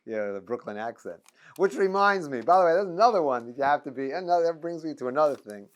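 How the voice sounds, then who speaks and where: Animated middle-aged rabbi, chuckling storyteller. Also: male voice, on the high side, fast. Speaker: rabbi teaching a class. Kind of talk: informal lecture with anecdotes.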